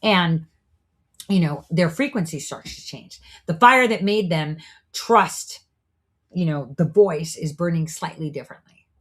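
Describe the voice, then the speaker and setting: A woman's voice: deep voice, unhurried, breathy edge. A woman hosting a show, delivering a preachy, profane monologue full of rhetorical asides. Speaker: show host. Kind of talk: monologue commentary.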